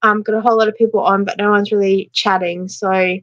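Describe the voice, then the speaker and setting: An Australian woman hosting a casual live chat, chatty and quick to laugh, reading out viewer comments. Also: mid-range voice, level tone, muffled recording. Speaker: livestream host.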